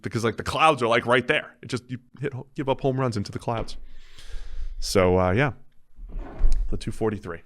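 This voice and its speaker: A man's voice: mid-range voice, lively intonation, normal speed, long pauses, fairly bright tone. A man hosting a podcast in casual banter, telling a long anecdote and laughing through it. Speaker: podcast host.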